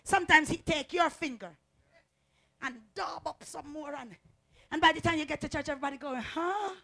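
A woman preacher delivering a fervent sermon, calling out to the congregation and swinging from quiet talk to shouting. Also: fairly quick, vocal fry. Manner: call-and-response, swings from low talk to shouting.

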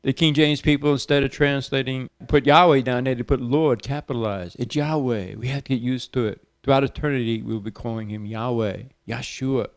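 A man preaching on the radio, reading scripture with raised emphasis and praying softly. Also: medium pitch, fairly even intonation, a little fast, hardly any pauses, no echo, clean studio sound. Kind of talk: sermon with Bible reading and prayer.

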